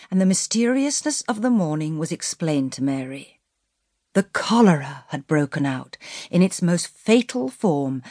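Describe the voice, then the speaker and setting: A woman reads a classic story aloud with lively, expressive storytelling. Her pitch sits a little low but moves freely up and down, stretching out key words. The recording is dry and close. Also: dry recording. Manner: expressive storytelling, slows for emphasis. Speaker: audiobook narrator. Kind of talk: scripted narration of a classic novel.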